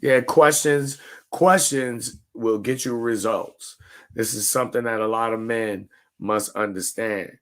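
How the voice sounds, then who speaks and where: A man hosting a podcast, talking in a measured, deliberate way. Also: mid-range voice, fairly even intonation. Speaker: podcast host. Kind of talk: casual podcast discussion.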